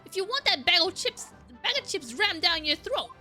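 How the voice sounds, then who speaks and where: A woman's voice: very high-pitched, big pitch swings, moderate pace, pushed and bright, soft background music, full character voice. A woman doing a mouthy street girl. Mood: taunting. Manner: mouthy and taunting. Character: cheeky tough street girl.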